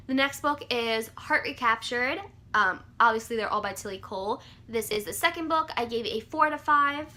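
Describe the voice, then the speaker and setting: A young woman chatting casually about books she read, gushing and excitable with lots of fillers. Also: fairly high pitch. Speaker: book vlogger. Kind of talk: casual book review chat.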